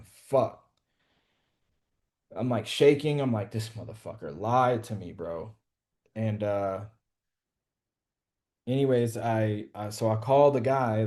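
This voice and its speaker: On a group call, a real estate wholesaler doing coaching shares a casual story in a medium-pitched, somewhat dark voice. He curses and uses slang, peppering everything with "like" and "bro."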